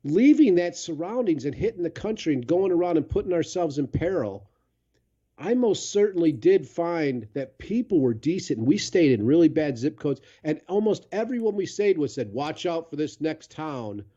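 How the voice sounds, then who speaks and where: A man's voice: on the high side, very animated, moderate pace, mellow, slightly rough, dull audio. A man from Chicago telling candid, profane stories as a podcast guest, turning reflective as he goes. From Chicago, USA. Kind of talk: casual storytelling.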